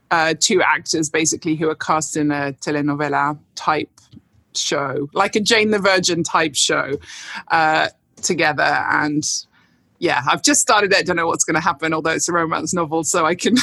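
A woman's voice: sits low, bright, forceful tone, no room sound. A woman bookseller as a podcast guest, chatting enthusiastically and laughing often. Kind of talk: casual interview chat.

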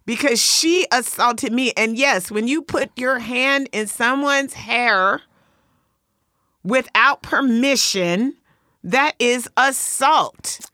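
A woman's voice: a little high, slow pace, no echo, studio quality. A woman co-hosting a casual talk show, telling a story with dramatic flair. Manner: animated, dramatic storyteller with loud acted outbursts. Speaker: podcast co-host.

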